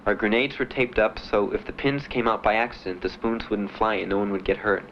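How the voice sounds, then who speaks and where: A man being interviewed about his time in the service, telling his story in a halting, plainspoken way with many fillers. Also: on the low side, steady tone. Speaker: veteran interviewee. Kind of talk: documentary interview. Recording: dull archival recording with faint hiss.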